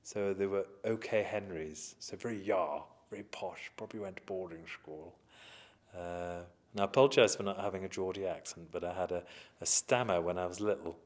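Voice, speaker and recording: A man's voice: sits low, fairly even intonation, normal speed. A middle-aged man, telling chatty, self-mocking stories in an oral history interview.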